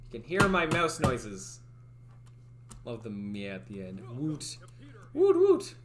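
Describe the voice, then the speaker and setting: A man's voice: lowish voice, very animated, unhurried, very noisy. A young man chatting casually on a livestream, rambling and hesitant with many restarts and fillers, wearing headphones at a desk mic. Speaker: streamer.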